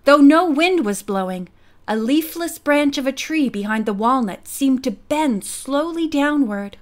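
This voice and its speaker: A woman narrating a girls' mystery audiobook in a measured, quiet storytelling manner. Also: sits high, expressive. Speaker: audiobook reader. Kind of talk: scripted narration.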